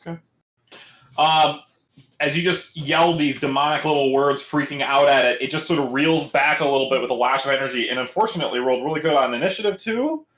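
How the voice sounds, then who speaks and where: A man's voice: on the high side, a little fast, a bit bright, reverberant. A man running a tabletop game as dungeon master, narrating in a casual, chatty way with profanity and fillers.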